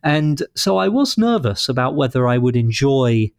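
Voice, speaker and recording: A man's voice: mid-range voice, big pitch swings, darkish tone, dry recording. Articulate English man, dry sound. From London, England. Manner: thoughtful, articulate, measured. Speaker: leader of a humanist congregation. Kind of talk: interview answers.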